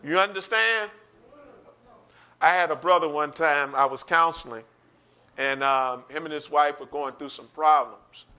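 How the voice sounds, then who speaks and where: A man's voice: on the high side, measured pace, sharp tone, smooth. A man teaching an online Bible study sermon, preaching with animation, acting out quotes and speaking straight to his listeners.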